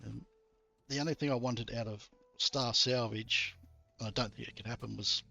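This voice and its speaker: A man's voice: medium pitch, steady tone, normal speed, creaky, bright, forceful tone. A man streaming a game, chatting casually and rambling, with occasional swearing. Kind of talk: casual chat. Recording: dull lo-fi stream audio with faint music.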